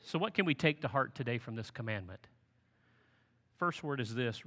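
A man preaching a sermon as pastor, telling stories with lively swings between soft and loud passages. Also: mid-range voice, moderate pace, long pauses. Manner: animated storytelling with big swings in loudness. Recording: long hall reverb.

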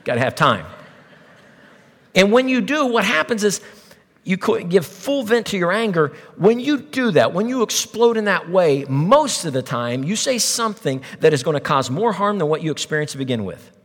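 A middle-aged pastor preaching a sermon, telling a story with humor and acted voices. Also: male voice, high voice, normal speed, big-room sound. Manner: animated storytelling with jokes and voices.

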